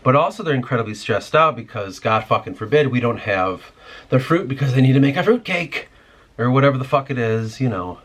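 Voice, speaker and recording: A man's voice: medium pitch, expressive, brisk, fairly bright tone. A man hosting a podcast, delivering a rambling, irritated, profane rant in casual talk. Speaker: podcast host.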